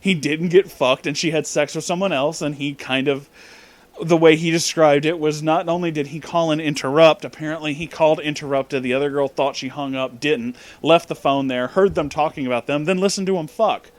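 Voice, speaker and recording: A man telling a story in a casual, profane rant, breaking into loud disbelieving outbursts. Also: fairly high pitch, fairly even intonation, a little fast, no echo. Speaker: storytelling vlogger.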